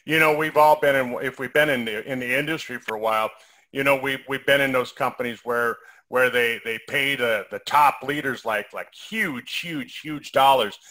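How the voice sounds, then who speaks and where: A man co-hosting a casual question-and-answer chat, talking in a relaxed, rambling way with many fillers and restarts. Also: mid-range voice, normal speed. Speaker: co-host of a compensation plan Q&A. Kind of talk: casual conversational Q&A.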